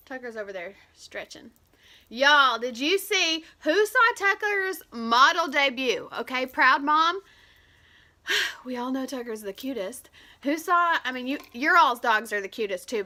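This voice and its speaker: A woman with a bright, bubbly voice hosts her weekly live stream from home. She sits in front of a camera propped on a shoebox. She chats casually and greets viewers by name in a high, chirpy tone. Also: expressive, unhurried.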